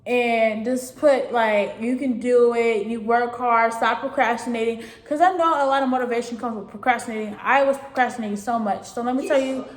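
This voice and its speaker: A woman's voice: fairly high pitch, fairly even intonation, a little fast, few pauses. A teenage girl giving casual, rambling advice to her viewers, repeating her points earnestly. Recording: echoey room.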